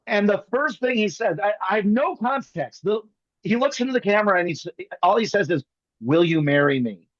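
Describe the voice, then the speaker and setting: A man guest on a video call, riffing and joking fast with bits of mimicry. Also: sits high, lively intonation, dry recording, highs cut off. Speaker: guest magician. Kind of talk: comic banter on a video call.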